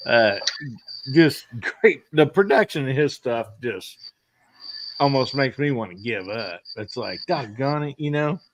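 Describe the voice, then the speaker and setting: A man's voice: medium pitch, animated, a little slow, no echo. A man hosting a casual live podcast, folksy and generous with praise for his guests. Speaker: podcast host.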